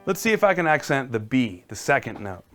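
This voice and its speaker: A man's voice: mid-range voice, big pitch swings, brisk. A man teaching a casual live-streamed piano lesson, encouraging and talking viewers through exercises.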